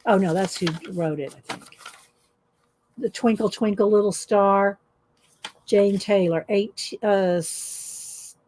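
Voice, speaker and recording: A woman hosting a casual art journaling chat from home, reading stories aloud with expression and laughing often. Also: mid-range voice. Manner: chatty, warm-hearted, laughs often, reads stories with expression. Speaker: art journaling video host.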